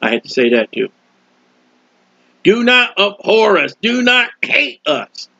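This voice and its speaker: High-voiced, bright preacher. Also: male voice, sing-song, takes it slowly, creaky, no echo, dull audio. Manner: impassioned, acts out prayers and quotes. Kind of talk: sermon.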